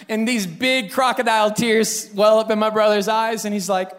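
A young adult man preaching a sermon, telling a childhood story with lively acted-out voices. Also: sits high, normal speed, few pauses. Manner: animated storyteller acting out voices. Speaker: pastor.

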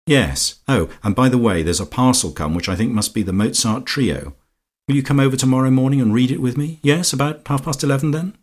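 A man's voice: medium pitch, fairly quick, breathy edge, voice pushed up, close to an everyday voice. A man reading aloud and voicing a domineering middle-aged society lady who uses affected baby talk and Italian endearments. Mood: brisk.

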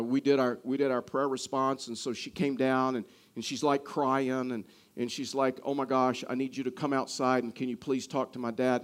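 Earnest man preaching, slightly high voice. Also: darkish tone. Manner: earnest, repeats and restarts words often. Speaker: pastor. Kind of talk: sermon.

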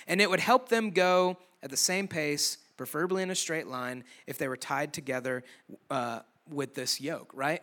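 Bright-voiced youth pastor preaching casually. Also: male voice, a little high. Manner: casual, conversational preaching with humor. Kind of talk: youth sermon. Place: church room with a youth audience.

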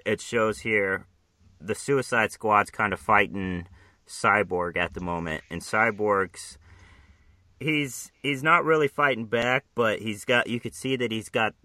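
A man's voice: on the low side, unhurried, pushed and bright, dry recording. A man reading a comic book aloud with a friend, in a profane, rambling, jokey casual chat.

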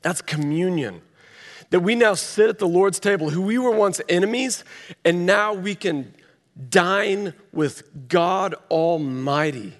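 A man's voice: high voice, slow. A man preaching a sermon, telling a story with dramatic voiced quotes. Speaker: pastor. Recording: long reverb of a large hall.

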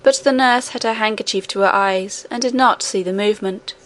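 A woman narrating a classic children's fantasy novel in a calm, measured way. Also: medium pitch. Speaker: audiobook narrator.

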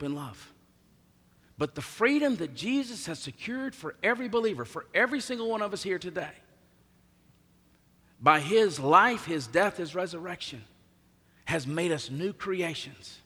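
A man's voice: fairly high pitch, pushed and bright. A man preaching a sermon as pastor, emphatic, his voice swelling and dropping in volume. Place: church sanctuary. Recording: long hall reverb.

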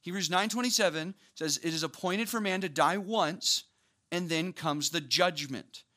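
Bright-voiced man preaching a sermon. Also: sits high, moderate pace. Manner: conversational, animated preaching with rising emphasis. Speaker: pastor.

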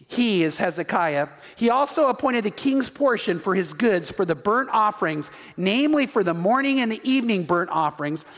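High-voiced preaching man in a hall. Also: a bit bright. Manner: emphatic preaching, rhetorical questions, reads Scripture aloud. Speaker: pastor. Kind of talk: sermon.

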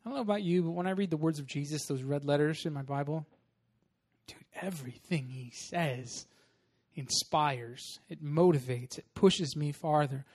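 A man, a young adult pastor, preaching a sermon in a casual, animated storytelling way. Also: fairly high pitch, brisk, few pauses.

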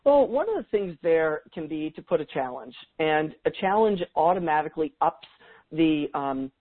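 A man's voice: a little high, expressive, normal speed, narrow, tinny audio. A middle-aged man talking as a guest expert in a podcast interview, chatty, with frequent restarts and easy laughs.

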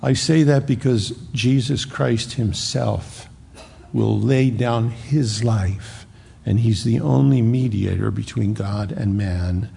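Gravelly-voiced man preaching a sermon. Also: fairly low pitch, dark tone, big-room sound. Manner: earnest, emphatic preaching with repeated words and slow, stressed phrases. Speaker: pastor.

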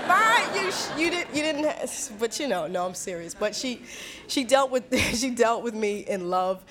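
Earnest woman musician telling stories. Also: medium pitch. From New Jersey, USA. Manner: earnest, with frequent restarts and laughs. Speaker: interviewee, singer and songwriter. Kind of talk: reflective conversational storytelling.

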